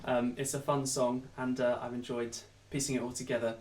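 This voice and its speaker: A man's voice: medium pitch, little pitch movement, fairly quick, a little mellow, far from the mic. Chatty man, slightly off-mic. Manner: chatty, rambling, many ums. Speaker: online choir leader. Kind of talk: casual chat to viewers. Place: home during lockdown.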